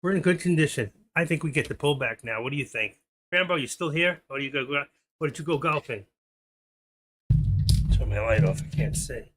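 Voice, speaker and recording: Talking fast in a fairly high voice over some background noise, a middle-aged man runs a stock trading livestream. He keeps the chat casual while he trades and calls out viewers by name.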